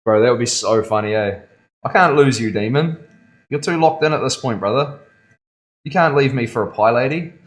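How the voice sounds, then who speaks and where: At a normal speed and in a mid-range voice, a man chats with his live-stream audience while tattooing in his studio. He rambles easily, says bro to them, and laughs frequently.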